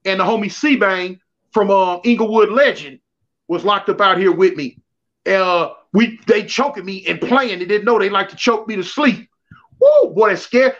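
A man's voice: sits high, moderate pace. A man telling prison stories in slangy, repetitive street talk on a livestream call. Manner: slangy, repetitive, animated storytelling. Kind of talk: casual livestream storytelling. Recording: dull lo-fi livestream audio.

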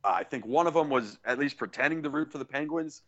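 In dull-sounding audio, a mid-range male co-host talks sports at a quick pace, his voice a bit bright. He keeps it casual, ranting and dropping sarcastic asides.

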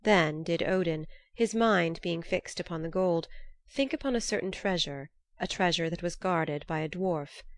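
A woman narrating a storybook in a steady, measured reading. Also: fairly low pitch, dry recording, clean studio sound.

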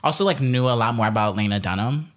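A woman's voice: extremely low pitch, fast. A young woman from Nebraska, a podcast guest chatting casually and filling her talk with "like". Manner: chatty, filler-heavy, frequent "like". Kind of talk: casual chat.

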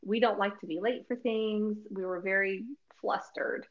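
A woman's voice: medium pitch, moderate pace. A woman co-hosting a casual chat, telling a travel story with lots of laughter and acted-out quotes. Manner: animated, laughing often, acts out quotes. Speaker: podcast co-host. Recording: dull lo-fi audio.

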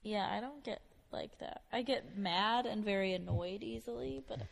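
A young woman co-hosting a podcast, her mid-pitched voice carrying a lot of gravelly fry. She reacts in a dry, relaxed way and tells short stories of her own in casual chat. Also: moderate pace, a little hiss or hum. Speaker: podcast co-host.

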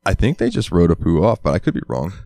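Deep-voiced young man on a headset mic. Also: fast, no echo, clean studio sound. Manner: animated storyteller, swears freely, slips into exaggerated voices. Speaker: podcast co-host. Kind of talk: casual chat.

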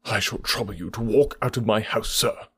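A man's voice: on the low side, moderate pace, fairly bright tone, breathy edge, no echo, clean studio sound. A man voicing a stern, curt middle-aged male doctor who turns furious, with clipped, cold, formal replies. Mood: angry.

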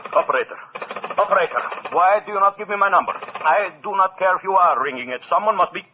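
An actor playing a jealous, paranoid orchestra conductor who broods aloud and barks at others. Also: male voice, lowish voice, big pitch swings, normal speed, slight background noise. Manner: suspicious inner monologue, brooding then barking. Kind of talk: 1940s radio acting. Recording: tinny old radio broadcast.

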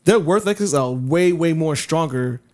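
A man's voice: fairly high pitch, expressive, moderate pace, darkish tone. A man co-hosting a podcast in casual chat, talking in a rambling, profane way with many restarts. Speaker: podcast co-host.

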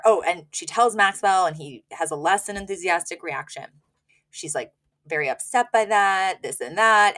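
A woman with a low, slightly bright voice co-hosts a podcast, chatting casually through an episode recap. She laughs often and acts out the characters' lines.

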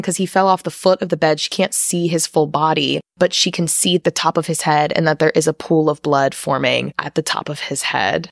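Chatty low-voiced woman podcaster. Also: creaky, dry recording, studio quality. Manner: chatty, profane, recaps with frequent fillers. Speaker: podcast co-host. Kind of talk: casual film recap chat.

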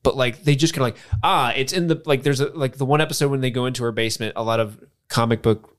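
A man's voice: medium pitch, fast talker. A man co-hosting a podcast, rambling loosely through a casual chat and swearing freely. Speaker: podcast co-host.

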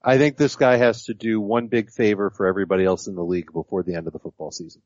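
A man's voice: on the low side, steady tone, fast, darkish tone, no room sound, lo-fi sound. A man co-hosting a sports podcast, making blunt, wry short remarks. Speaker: podcast co-host. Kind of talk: casual sports podcast chat.

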